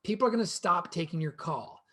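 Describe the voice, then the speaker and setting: A man presenting a real estate training session in an energetic, conversational way, speaking to a co-host and the viewers. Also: high-pitched, brisk.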